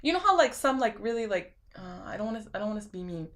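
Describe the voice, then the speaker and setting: A young woman with a lisp, chatting casually on a live stream and reading viewer comments out loud, rambling with lots of fillers. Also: mid-range voice, very animated, quick pace. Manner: rambling, filler-heavy, laughs often.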